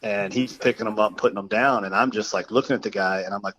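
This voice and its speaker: A man's voice: lowish voice, fast talker, few pauses, fairly bright tone, low-quality recording. A man on a podcast telling a long personal story in casual chat, rambling with lots of fillers and acting out the people he quotes. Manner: rambling, filler-heavy, acts out quoted voices. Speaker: podcast guest.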